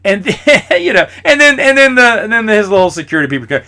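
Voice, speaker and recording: A man's voice: high-pitched, fast talker, few pauses. A middle-aged man hosting his own podcast, telling college stories casually and acting out the other people's lines as he goes. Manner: animated, acts out quoted voices. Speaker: podcast host. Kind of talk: casual storytelling monologue.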